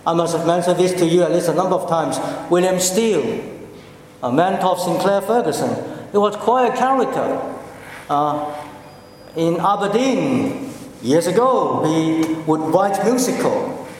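Male pastor, sermon delivery, unhurried and deliberate, quiet ambience, roomy echoing church sound. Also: expressive, a little hiss or hum. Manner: slow and deliberate, dropping low and soft for quoted words. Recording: echoey hall with long reverb.

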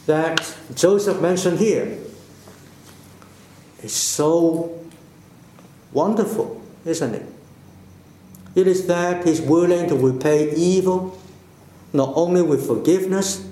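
A man preaching a sermon slowly and deliberately, with emphatic phrases that fall away at the ends. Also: fairly high pitch, mellow, echoey room. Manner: slow, deliberate, with falling emphatic endings.

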